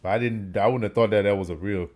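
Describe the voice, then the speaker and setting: A man comments on clips in a relaxed, casual way, using slang. He talks with a fairly low voice and an easy, loose delivery. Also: fast talker. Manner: laid-back, chatty with slang. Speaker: reaction video host.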